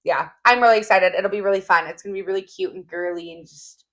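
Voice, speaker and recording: A woman's voice: medium pitch, fast, fairly bright tone. A young woman co-hosting a casual podcast, telling stories in a bubbly, giggly way, wired on an energy drink. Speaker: podcast co-host. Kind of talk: casual chat.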